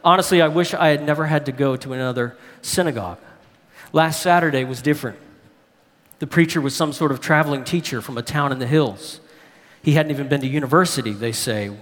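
A chatty young boy recounts his week in a plain, talkative way, as a man reads his letter aloud. The voice sits fairly high and rings with the long reverb of a large hall. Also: a little fast, a bit bright, natural voice. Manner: chatty, plain-spoken storytelling.

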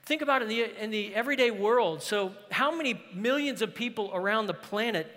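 Preaching in a hall where a long echo follows every phrase, a high, bright-voiced pastor urges his congregation on with rhetorical questions. His sermon is earnest, emphatic, and brisk.

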